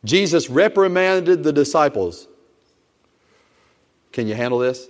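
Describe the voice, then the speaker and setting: In a church sanctuary with the long reverb of a church hall, a middle-aged pastor preaches a sermon, emphatic and repetitive as he exhorts his congregation. His voice sits on the high side, with lively intonation and a slightly slow pace.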